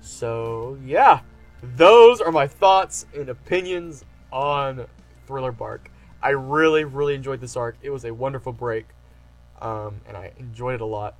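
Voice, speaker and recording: Excited rambling man with soft music behind. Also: medium pitch, unhurried, no echo. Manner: enthusiastic, filler-heavy, rambling. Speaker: anime reviewer. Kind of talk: casual spoken review.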